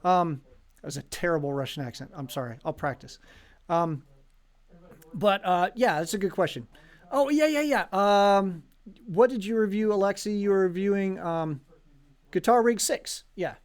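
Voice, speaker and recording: High-voiced man hosting a chatty stream. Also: expressive, normal speed. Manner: chatty, joking, lots of fillers. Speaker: violin shop host. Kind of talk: casual live-stream chat.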